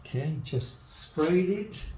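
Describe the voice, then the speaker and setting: A man, an artist, quietly talking through his charcoal drawing in short murmured remarks as he works. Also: a little high, lively intonation, slow, a little hiss or hum. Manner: terse murmured step-by-step remarks while working. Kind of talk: drawing demonstration narration. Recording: echoey room, distant mic.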